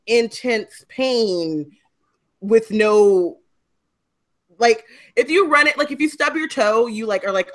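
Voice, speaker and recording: Animated joking woman co-host. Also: on the high side, slow pace, long pauses. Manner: animated, joking, swears freely. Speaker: podcast co-host. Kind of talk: casual chat.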